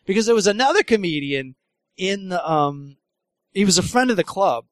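A comedian hosting a podcast, telling road stories in casual chat, acting out voices, laughing often and swearing freely. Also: male voice, high-pitched, expressive, normal speed, no echo. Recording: dry close mic.

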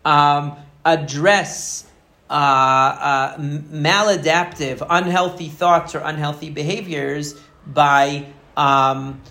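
A man teaching a Torah lesson, telling a story in an animated way with many fillers and restarts. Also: a little high, takes it slowly, gravelly.

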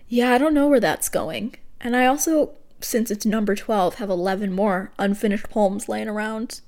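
A young woman hosting a podcast, rambling and self-mocking as she reads her own unfinished poems, dropping soft and quiet for the verses. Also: normal speed, few pauses. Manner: self-mocking and rambling, drops soft and low when reading. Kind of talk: casual self-deprecating chat with poetry reading.

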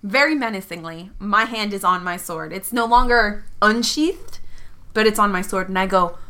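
A woman playing a tabletop role-playing game, describing her character's actions with animated, self-aware humor. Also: medium pitch, moderate pace. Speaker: player. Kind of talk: tabletop role-play chat.

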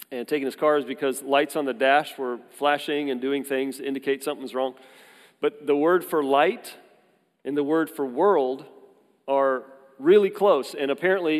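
A man in his forties gives a sermon in a loose, conversational style, spinning light personal anecdotes and quick asides. His voice sits at an ordinary pitch for a man. A long reverb trails behind him in a large church hall. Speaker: pastor.

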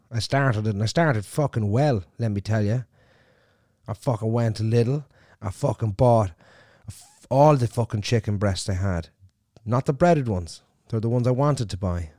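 A man's voice: on the low side, moderate pace, warm tone, dry recording, studio quality. An Irish man ranting in a sweary, sarcastic, rambling monologue to his viewers. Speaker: vlogger.

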